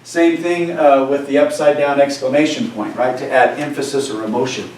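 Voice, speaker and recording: A male teacher lectures in a plain, conversational way, often asking "right?" to check on his class. His voice sits at an average pitch and carries a heavy room echo. He sounds far from the mic, with faint ambient noise behind him. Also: steady tone, normal speed, a little mellow. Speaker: Spanish teacher. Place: classroom, recorded for cameras.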